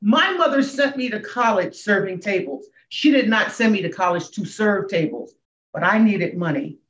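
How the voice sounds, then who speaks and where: A woman in her sixties, a comedian and speaker, telling her story as a podcast guest with emphatic swings in pitch and volume. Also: animated, moderate pace. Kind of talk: emotional storytelling in a podcast interview. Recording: echoey, dull room sound.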